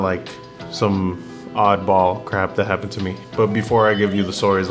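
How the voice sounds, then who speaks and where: Brief: young adult man, lowish voice, profane heated storytelling rant, music bed underneath. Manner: blunt, swears constantly, slangy and heated. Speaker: vlogger.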